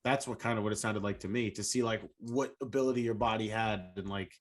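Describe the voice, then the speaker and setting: Easygoing low-voiced man, casual chat. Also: fairly even intonation, a little fast, a little hiss or hum. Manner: easygoing, filler-heavy with frequent "like". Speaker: podcast co-host.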